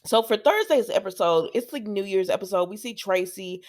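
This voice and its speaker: A woman's voice: mid-range voice, expressive, normal speed, a little mellow. A woman hosting a casual soap opera recap, chatting through the episodes with asides to her viewers.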